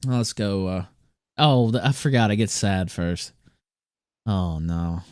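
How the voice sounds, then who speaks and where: A man's voice: on the low side, takes it slowly, smooth, no room sound, clean studio sound. A man hosting a livestream, talking casually, reading chat messages aloud and often breaking into chuckles. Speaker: livestream host.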